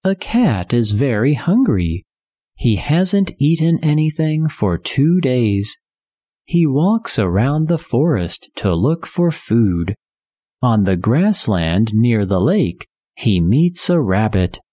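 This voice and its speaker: Storybook narrator, very slow, lively pitch, dry close sound. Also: breathy edge, no echo.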